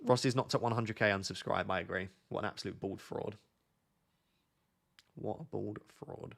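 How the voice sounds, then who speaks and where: A man's voice: lowish voice, fairly even intonation, normal speed, creaky, a bit bright. A man chatting casually on a live stream, waffling and joking as he answers questions from viewers.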